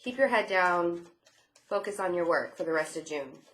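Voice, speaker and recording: Young woman doing a chatty tarot reading, kinda sarcastic, lowish voice. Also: lively intonation, normal speed, fairly bright tone. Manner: chatty and sarcastic, many fillers and laughs. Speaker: tarot reader.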